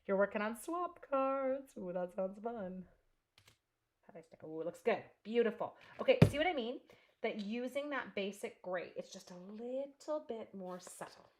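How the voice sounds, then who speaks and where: A woman's voice: on the high side, lively intonation, a little slow, very noisy. A chatty woman hosting a live crafting tutorial from a home craft room, thinking aloud and greeting viewers by name as she works. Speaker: crafting demonstrator.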